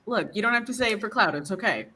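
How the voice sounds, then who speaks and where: A woman playing a tabletop role-playing game, describing her actions haltingly with fillers and dry humor. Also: medium pitch, expressive, background noise. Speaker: player. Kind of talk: casual tabletop game chat.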